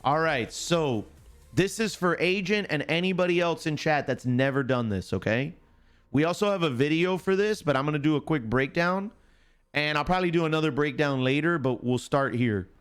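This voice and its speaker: A man's voice: fairly high pitch, normal speed, fairly bright tone, clear, resonant tone. A man hosting a live stream, casually chatting, joking and teasing viewers by name as he explains a picks game. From United States. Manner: joking, teases chatters, greets them by name.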